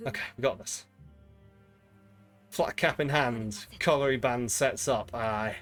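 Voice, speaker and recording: A British streamer, joking and rambling as he plays, with quiet game music underneath. His voice sits at an ordinary middle pitch. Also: a little slow. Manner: joking, rambling, self-mocking. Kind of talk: casual gameplay chat with viewers.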